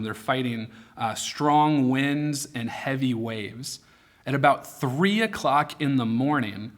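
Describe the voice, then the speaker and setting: Man, youth pastor, casual sermon, animated storytelling, mid-pitched voice. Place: online youth ministry broadcast.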